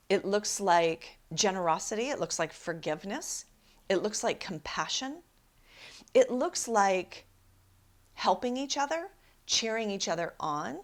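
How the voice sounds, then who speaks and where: A woman life coach hosting a podcast, telling a personal story and giving relationship advice in an emphatic, conversational way, often asking "right?". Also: medium pitch. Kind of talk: solo podcast talk.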